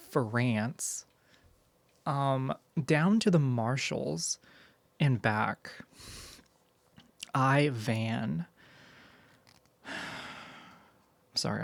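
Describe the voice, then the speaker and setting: Male streamer, casual rambling chatter, dry close-mic sound, mid pitch. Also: vocal fry, dry recording. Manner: rambling, many "like" fillers, reads chat aloud. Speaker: livestreamer.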